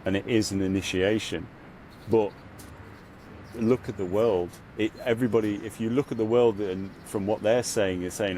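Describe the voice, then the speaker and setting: A man, a podcast guest and spiritual guide, talking earnestly and reflectively in a casual interview, leaning on "you know" and getting louder when he recounts his ordeal. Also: lowish voice, steady tone, normal speed, a little hiss or hum.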